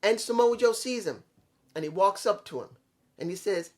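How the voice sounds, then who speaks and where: A man's voice: high voice, expressive, normal speed, darkish tone. A man talking through a fantasy wrestling storyline in a rambling, self-correcting monologue. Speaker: wrestling fan commentator.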